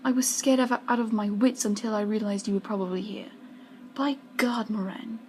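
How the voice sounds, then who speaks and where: A worried, protective brother who scolds in a raised, urgent voice, as a woman reading a story puts him on. The tone is mellow and warm, and it lifts higher when he is upset. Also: steady tone, measured pace, slight background noise, close to an everyday voice. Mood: scolding. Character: young man, anxious protective older brother.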